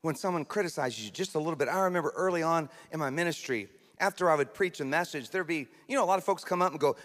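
A man preaching a sermon as a pastor, lively and conversational, often slipping into mock voices and asides. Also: on the high side, quick pace, hardly any pauses. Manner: animated, acts out mocking voices, conversational asides. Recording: long hall reverb.

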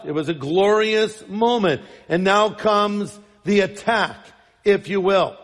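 Male pastor, sermon, emphatic, rhetorical questions, high voice, long hall reverb.

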